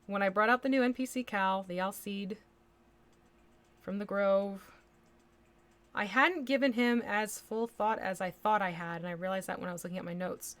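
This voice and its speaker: A woman's voice: mid-range voice, normal speed, long pauses, fairly bright tone. A woman from the States hosting a miniature painting livestream, chatting casually and thinking aloud as she works, with little hummed nonsense syllables. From United States. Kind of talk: casual chat while painting live.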